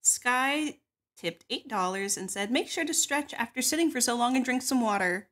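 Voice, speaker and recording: A bubbly woman hosts a stream, chatting casually and reading out donations with a lot of giggling. Her voice sits fairly high. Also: lively intonation, moderate pace, fairly bright tone. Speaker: stream host.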